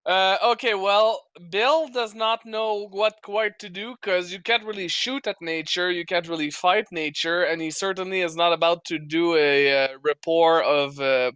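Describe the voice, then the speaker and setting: Tabletop player, male, higher smooth voice, hesitant delivery, dry close sound. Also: fairly even intonation, normal speed, hardly any pauses, a bit bright, no room sound. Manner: hesitant, thinking aloud. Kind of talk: describing his character's thoughts.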